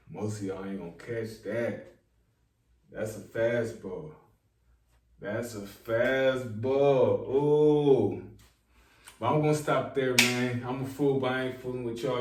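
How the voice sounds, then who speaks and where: A man talking to his viewers in a slow, preachy, rambling monologue, repeating lines for emphasis. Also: medium pitch, fairly even intonation, recorded from a distance. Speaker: online self-help talker. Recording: echoey room, voice set back from the mic.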